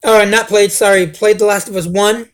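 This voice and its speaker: A man's voice: high-pitched, fairly even intonation, normal speed. A young man hosting a casual livestream, rambling and swearing, calling everyone dude. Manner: rambling, profane, says dude a lot. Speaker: livestream host.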